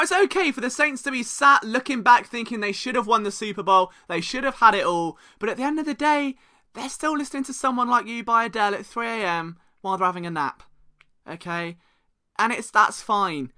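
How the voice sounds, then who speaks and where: Bright, animated man podcasting. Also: sits high. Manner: animated, joking, self-deprecating, does mocking voices. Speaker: sports podcast host. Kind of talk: solo podcast monologue.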